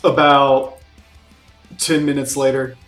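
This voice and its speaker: Unhurried male game master in a roomy space. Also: medium pitch. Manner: relaxed, unhurried narration with fillers. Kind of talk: narrating a tabletop game. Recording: roomy echo with faint music.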